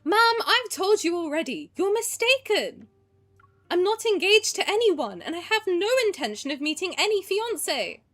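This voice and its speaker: A woman's voice: extremely high pitch, big pitch swings, normal speed, fairly bright tone, voice pushed up, exaggerated voice. A woman reading a young heroine's lines in a posh put-on accent, defiant in manner, over faint music. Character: young heroine refusing an arranged match.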